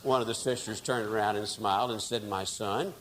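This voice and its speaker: A man from Texas preaching a storytelling sermon in a folksy, conversational way, dropping soft and then rising loud. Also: on the low side, little pitch movement, fairly quick. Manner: folksy, conversational, dramatic shifts in loudness. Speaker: pastor. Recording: reverberant hall, faint hiss.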